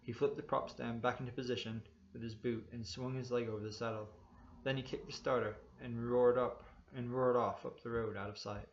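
Gravelly man narrating a story. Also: mid-range voice, flat delivery, brisk, hardly any pauses, slight background noise. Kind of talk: first-person story narration. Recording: slightly dull lo-fi recording.

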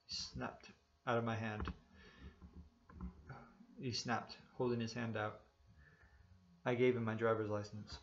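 Gravelly man narrating a story. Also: lowish voice, little pitch movement, a little slow, pauses often, slight background noise. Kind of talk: first-person story narration. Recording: slightly dull lo-fi recording.

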